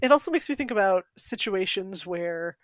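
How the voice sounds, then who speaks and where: A woman co-hosting a podcast in a relaxed, thoughtful chat, laughing often. Her voice sits in the middle of the range. It is recorded close and dry, with no room sound. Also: mid-range voice, moderate pace, no echo. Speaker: podcast co-host. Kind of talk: casual chat.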